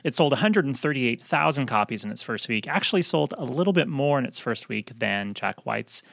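A man co-hosting a music podcast, explaining chart figures in a steady, informative way with occasional fillers. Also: medium pitch, brisk, creaky, no room sound, clean studio sound. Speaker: podcast co-host, chart analyst. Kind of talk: casual podcast chat, explaining chart facts. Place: Los Angeles, remote line.

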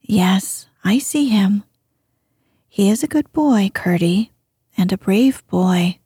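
A woman doing a gentle old grandmother. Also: mid-range voice, lively intonation, slow, breathy edge, no room sound, studio quality, exaggerated voice. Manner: gentle, soothing.

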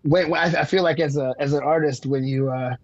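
A man's voice: fairly high pitch, fairly even intonation, fairly quick, dry recording, dull audio. A man, a musician guest on a podcast, telling rambling stories with lots of fillers and casual swearing.

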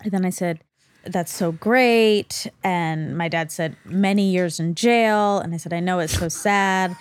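A woman's voice: lowish voice, unhurried, clean tone, no room sound. Woman cohost chatting, laughs a lot, acts out what people said, dry close mic. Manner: chatty storyteller, laughs often, acts out quotes. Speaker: podcast co-host. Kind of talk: casual chat.

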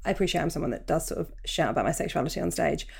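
A woman's voice: low-pitched, lively intonation, rapid-fire, creaky, husky. A woman host with a comedian's timing, chatty and playful. Her voice swoops up and down with plenty of movement. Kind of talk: casual interview chat.

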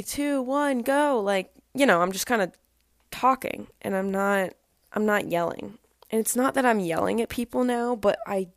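An eighteen-year-old woman chats casually about her work as a spin instructor, full of "like" and restarts. Her voice sits a little low with plenty of gravelly fry. The sound is dry and close, with no room in it. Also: dry recording. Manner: chatty, lots of "like" and restarts. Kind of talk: casual storytelling vlog.

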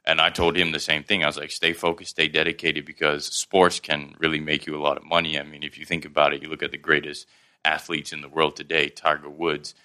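A young man who grew up in Thailand, telling stories in a casual chat with quick animated delivery. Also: extremely low pitch. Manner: fast, animated storytelling with frequent laughs.

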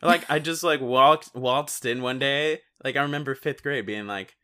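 Bright-voiced joking man. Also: mid-range voice, moderate pace. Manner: joking, swears, tells anecdotes. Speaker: podcast co-host. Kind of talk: casual podcast chat.

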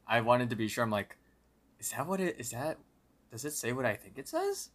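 A man co-hosting a podcast in casual chat, upbeat and quick to react. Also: medium pitch, huge pitch swings, a bit bright. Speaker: podcast co-host.

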